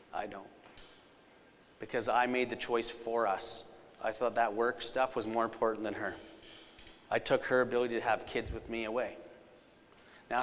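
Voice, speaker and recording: A man giving a live storytelling safety presentation, energetic, with loud punchlines and quiet, serious asides. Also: mid-range voice, slight background noise. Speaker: safety speaker. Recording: long hall reverb.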